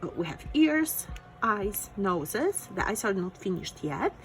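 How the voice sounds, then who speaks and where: Gravelly-voiced woman teaching drawing. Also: mid-range voice, very animated, slow, soft background music, poor audio. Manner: encouraging, thinking aloud while drawing. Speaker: art teacher. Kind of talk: step-by-step drawing lesson.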